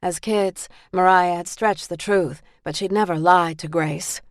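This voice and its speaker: Woman reading a suspense audiobook, fairly low. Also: no room sound, clean studio sound. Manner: measured, even storytelling. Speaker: audiobook narrator. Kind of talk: audiobook narration.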